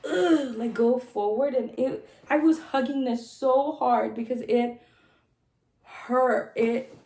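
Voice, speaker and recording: A woman's voice: a little high, steady tone, slow, warm tone. A young woman vlogger telling a personal story in casual, filler-heavy speech, acting out what others said. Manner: chatty, filler-heavy, acts out quotes. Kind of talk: casual storytelling during a mukbang. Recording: roomy echo.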